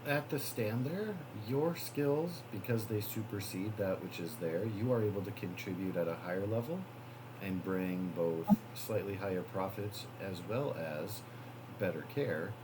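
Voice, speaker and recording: Male game master, very low voice, relaxed hedging delivery, noisy voice-chat recording. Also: unhurried. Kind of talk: narrating a tabletop game.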